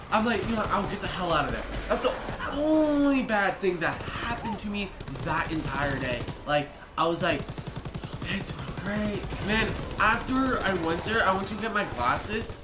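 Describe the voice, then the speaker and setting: A young man with a slightly high voice rambles through a casual storytime vlog and keeps slipping into quick impressions of the people he met. The recording sounds like it was made in an echoey room with steady background noise behind him. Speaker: vlogger. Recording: echoey room, noisy ambience.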